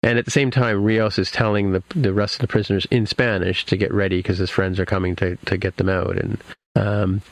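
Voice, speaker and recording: A man's voice: on the low side, flat delivery, a little fast, dry recording. A man hosting a podcast, recapping a TV episode in casual chat, rambling with many fillers and restarts. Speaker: podcast host.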